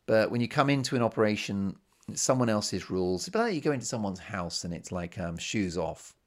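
A man's voice: lowish voice, lively intonation, brisk. A man hosting a solo podcast, chatting casually and asking the listener rhetorical questions. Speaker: podcast host.

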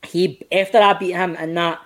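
A man in his late thirties with a Glaswegian Scottish accent, telling a story as a guest in casual chat, animated and sweary, acting out quotes in big swings of pitch. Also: normal speed. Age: late 30s. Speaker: podcast guest, actor.

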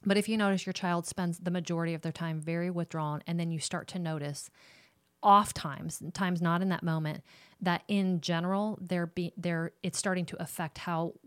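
Low-voiced woman counselor. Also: fairly even intonation, moderate pace, smooth, no echo, clean studio sound. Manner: warm, direct, talks straight to moms. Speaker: ministry counselor and host. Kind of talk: casual faith-based parenting talk.

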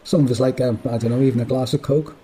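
A man's voice: medium pitch, steady tone, quick pace, noisy background. A man co-hosting a podcast in casual chat, talking in a chatty way and laughing easily. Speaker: podcast co-host.

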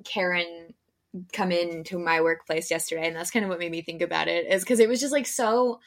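A young woman co-hosts a relaxed podcast conversation. She tells a story with lots of energy and leaps into high, exaggerated voices when she imitates other people. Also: fairly quick. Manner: animated storyteller, acts out customers with big pitch jumps. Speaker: podcast co-host. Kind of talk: casual podcast chat.

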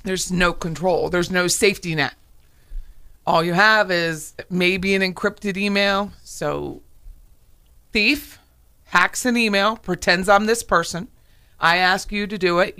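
A woman hosting a casual chat, telling stories in a lively way and acting out phone calls. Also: fairly low pitch, slow, clear, resonant tone. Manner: animated storyteller, acts out calls. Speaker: host, realtor.

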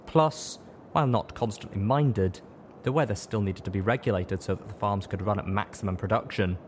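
A man narrating a fan fiction story as an audiobook reading, in a steady, expressive storytelling manner. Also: fairly low pitch, normal speed, slight background noise.

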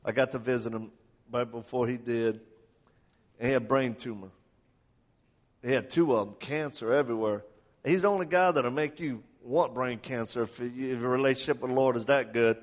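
A man's voice: medium pitch, steady tone, moderate pace. A man preaching a sermon, telling personal stories dramatically and pressing his listeners with emphatic questions. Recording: long hall reverb.

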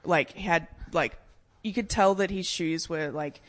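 A woman's voice: fairly low pitch, unhurried. A woman, telling a rambling story in casual chat, often correcting herself. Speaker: comedian and comedy room organiser.

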